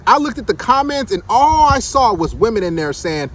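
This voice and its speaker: A man's voice: high-pitched, big pitch swings, moderate pace, a bit bright. A man giving blunt, emphatic dating commentary in a casual monologue, full of rhetorical questions.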